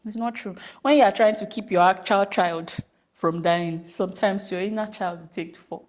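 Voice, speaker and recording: A woman's voice: mid-range voice, normal speed. Chatty young woman telling a story. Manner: chatty, animated storytelling with rambling asides. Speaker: podcast host. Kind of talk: casual monologue.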